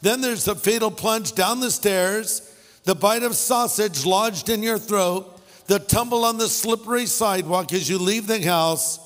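A middle-aged man with a high, light voice preaches in a big hall with a long echo. He tells funny stories and makes wry asides, and faint music sits behind him. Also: unhurried, fairly bright tone. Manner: storytelling with jokes and asides. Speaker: pastor. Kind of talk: humorous sermon.

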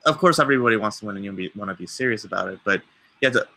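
A young man hosting a casual podcast chat, relaxed and laughing, with halting restarts. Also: fairly low pitch, vocal fry, dry recording. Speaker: podcast host.

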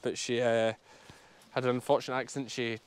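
A man's voice: mid-range voice, level tone, fairly quick, slight background noise. A Scottish man, a sheep farmer, chatting casually and explaining as he works outdoors on his farm. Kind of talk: casual vlog narration while working.

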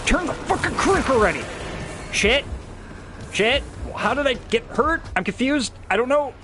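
High, excitable man playing a horror game. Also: moderate pace. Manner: excitable, panicky and profane. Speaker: gameplay streamer. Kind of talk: let's-play commentary. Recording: gameplay audio with game music behind.

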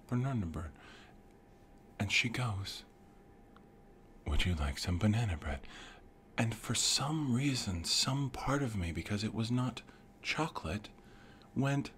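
Low, slow whispering man rambling softly. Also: a little hiss or hum. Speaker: ASMR channel host. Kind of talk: whispered role-play.

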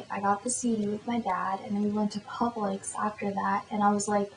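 A woman's voice: medium pitch, little pitch movement, normal speed, hardly any pauses, reverberant, slight background noise, low-quality recording. A teenage girl vlogger telling a story in a chatty, rambling way. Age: teens. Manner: chatty and rambling, lots of fillers. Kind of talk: casual storytelling to camera.

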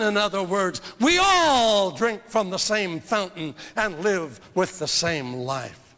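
An older man preaching a sermon, emphatic and drawn out, with big swings in pitch. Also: sing-song, unhurried, bright, forceful tone. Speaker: evangelist preacher. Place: church. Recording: long hall reverb from a church.

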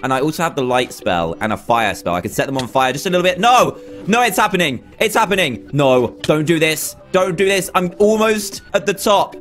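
A young man giving excitable, dramatic running commentary as he plays a video game. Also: fairly high pitch, brisk, soft background music. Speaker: gaming YouTuber. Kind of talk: Let's Play commentary.

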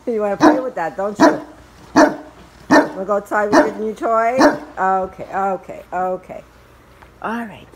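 A woman vlogging outdoors in a yard, talking to her dog in high sing-song baby talk. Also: measured pace, pauses often, crowd noise.

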